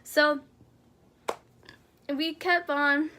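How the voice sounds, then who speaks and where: High, bright-voiced young woman vlogger. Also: drawn-out words, slight background noise. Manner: animated, slangy storytelling, acts out quotes. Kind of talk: casual storytime.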